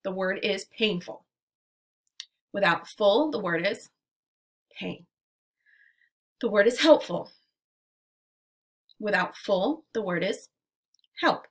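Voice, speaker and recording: Slow, bright-voiced woman teacher. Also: mid-range voice. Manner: slow, clear drill delivery with pauses for repetition. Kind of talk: phonics lesson for young children.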